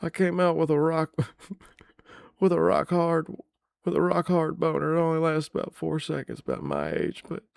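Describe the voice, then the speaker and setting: A man doing an impression of a soft-voiced, folksy older politician with a chuckling, drawn-out way of talking. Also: fairly high pitch, expressive, creaky, dry recording, voice pushed up. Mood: sly.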